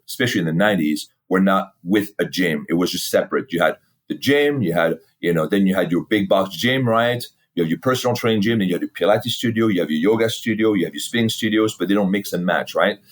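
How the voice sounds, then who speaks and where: A middle-aged man, a fitness company founder, telling his story in a casual interview, animated, swearing freely and acting out old conversations. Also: deep voice. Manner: animated, swears freely, acts out past dialogue.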